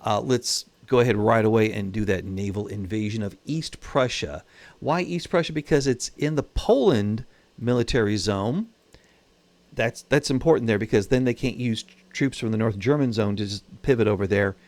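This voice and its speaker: A man's voice: lowish voice, moderate pace, a little mellow, no room sound. A man hosting his own channel, giving casual, wry commentary while he plays a strategy game and thinks aloud about his moves. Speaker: gaming channel host.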